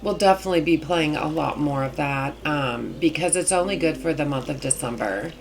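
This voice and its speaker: A woman hosting her gaming channel, chatting casually through gameplay in a rambling way, with a husky morning voice. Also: low-pitched, a little fast. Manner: chatty, rambling with many fillers.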